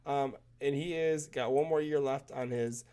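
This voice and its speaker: A man talking at an ordinary middle pitch, his nose stuffed up from a cold. He rambles through numbers on screen in a loose, enthusiastic way, stumbling and restarting as he goes. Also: fairly even intonation, normal speed, mellow, smooth. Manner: rambling, self-correcting, enthusiastic. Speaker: hockey commentator. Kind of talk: casual screen-share commentary.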